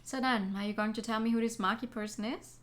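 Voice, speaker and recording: Woman reading as earnest young detective guy, fairly high voice, game dialogue. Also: steady tone, fast, natural voice. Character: young male detective, grandson, determined and earnest.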